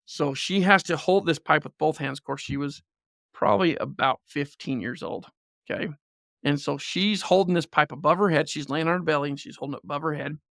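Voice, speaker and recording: A man telling a lively family story as a podcast guest, often laughing and acting out what people said. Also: a little high, brisk, gravelly, dry recording, clean studio sound. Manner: animated storyteller, laughs often, acts out quotes. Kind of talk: casual storytelling.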